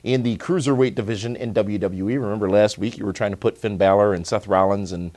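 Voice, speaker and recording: A man hosting a wrestling talk show, reading viewer comments in a steady, wry manner. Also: on the low side, quick pace. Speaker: host.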